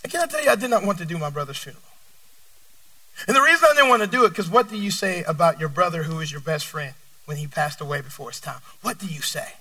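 A man in his thirties preaching a sermon, telling a personal story and swinging between loud, emphatic lines and hushed ones. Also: on the high side, animated, quick pace, recorded from a distance. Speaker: pastor.

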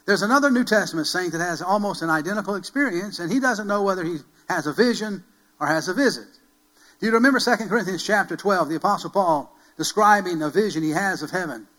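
A man's voice: high voice, expressive, fast, low-quality recording. A man preaching a sermon as pastor, asking the congregation questions and repeating key phrases with rising force. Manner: emphatic, repeats key phrases, builds to loud calls.

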